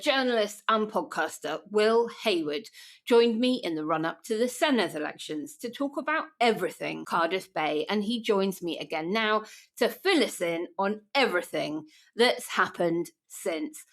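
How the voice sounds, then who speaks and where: A woman's voice: mid-range voice, lively intonation, normal speed. Upbeat female podcast host. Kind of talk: podcast intro and interview.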